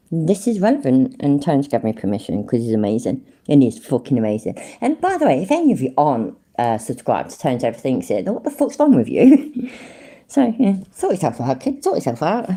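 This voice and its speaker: A woman's voice: extremely low pitch, warm tone. A woman with a Leicester accent chatting casually on a live stream, rambling and swearing freely with frequent laughs. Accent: Leicester English.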